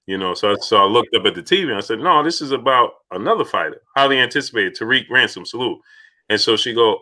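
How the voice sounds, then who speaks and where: A man hosting a casual live-stream chat, asking rhetorical questions and shouting out viewers by name. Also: lowish voice, lively intonation, fairly quick. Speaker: host.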